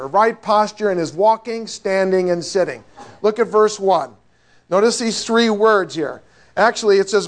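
A man preaching a sermon in a conversational, joking way, asking his listeners rhetorical questions. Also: sits high.

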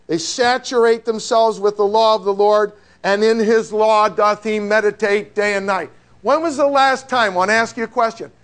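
Male pastor, middle-aged, high voice; lively conversational sermon, asks the congregation questions. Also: clear, resonant tone. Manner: animated, conversational preaching with rhetorical questions.

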